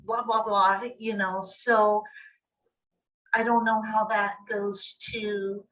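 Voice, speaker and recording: A woman's voice: medium pitch, little pitch movement, takes it slowly, fairly bright tone. A woman in a class discussion, sharing hesitantly with many fillers and self-deprecating asides. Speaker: class participant. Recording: distant, muffled call-in audio.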